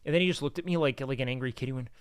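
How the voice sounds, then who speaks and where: A man's voice: mid-range voice, rapid-fire, clean tone, no echo. A man streaming, chatting casually and telling rambling, profane stories.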